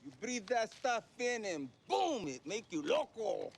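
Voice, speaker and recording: A man's voice: high-pitched, big pitch swings, a little slow, husky, full character voice. An actor playing a man with an exaggerated Spanish-flavored comic accent, giving a warning in a film clip.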